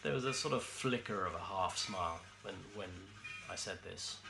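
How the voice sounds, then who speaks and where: Deadpan London man over music. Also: sits low, gravelly, low-quality recording. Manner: dry, understated, with pauses and asides. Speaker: comic storyteller. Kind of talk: deadpan comic monologue. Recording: music playing behind.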